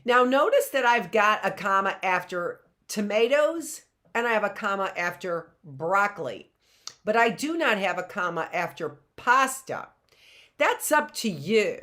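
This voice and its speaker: A woman's voice: medium pitch, a bit bright. A middle-aged woman teaching a grammar lesson in a chatty way, often checking in with "right?" and laughing at herself.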